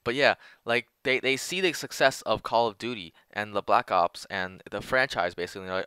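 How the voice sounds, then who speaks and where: A man's voice: on the low side, a little fast, hardly any pauses, bright, forceful tone, smooth, no echo. A young man giving casual commentary over gameplay, rambling with many filler words and restarts. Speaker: gaming commentator.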